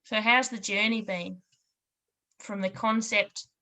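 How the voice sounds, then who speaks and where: A woman's voice: mid-range voice, steady tone, takes it slowly, pushed and bright. A woman hosting a podcast interview, effusive and openly moved by her guest. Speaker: podcast host. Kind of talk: interview chat.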